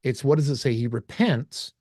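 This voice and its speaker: A man's voice: mid-range voice, normal speed, husky, no echo. Guy co-hosting a chill chat, kinda rambly, dry close sound. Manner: relaxed, rambling, acts out quoted dialogue. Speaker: co-host. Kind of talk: casual discussion.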